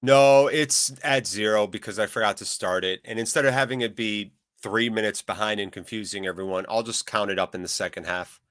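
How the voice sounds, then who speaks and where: A man's voice: fairly low pitch, a little fast, few pauses, a bit bright, dry recording, clean studio sound. Chatty man hosting a football watchalong. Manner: chatty, reads out viewer comments. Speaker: host. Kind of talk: live football watchalong commentary.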